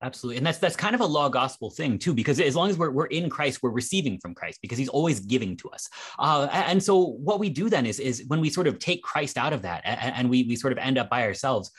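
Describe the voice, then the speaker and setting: A man's voice: medium pitch, animated, quick pace, few pauses, fairly bright tone, slightly rough. A man, a pastor co-host, talking through faith in a casual conversation, thoughtful and reasoning aloud with frequent restarts.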